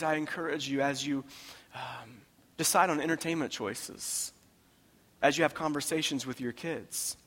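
A man preaching a sermon as pastor, impassioned, swinging from hushed tones to loud emphatic repetition. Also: mid-range voice. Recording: long reverb of a large hall.

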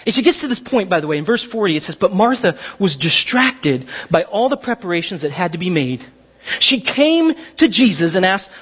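A man preaching a sermon in a lively, conversational way, acting out the voices of the people in his story. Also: high-pitched, brisk, husky, muffled recording. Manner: animated, acts out voices of characters. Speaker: pastor.

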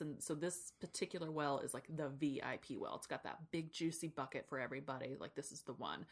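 A woman's voice: on the low side, fairly bright tone. A woman co-hosting a podcast, casually recapping a book chapter with lots of laughter and acted-out character voices. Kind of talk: casual chat.

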